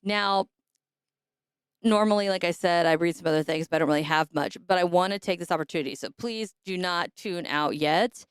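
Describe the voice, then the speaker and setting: A woman hosting a podcast who is hoarse and raspy, chatting casually and rambling with fillers. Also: lowish voice, brisk, no room sound, clean studio sound. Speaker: podcast host.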